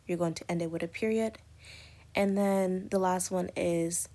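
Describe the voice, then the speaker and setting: In this recorded punctuation lecture, a woman explains the rules step by step, offering many spoken examples and using fillers along the way. Her voice is on the low side and dark in tone, steady, at a normal speed.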